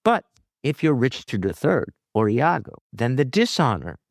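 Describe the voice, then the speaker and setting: Animated man explaining like a teacher. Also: mid-range voice, normal speed, no echo, clean studio sound. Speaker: theater director and acting teacher. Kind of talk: interview, explaining acting technique.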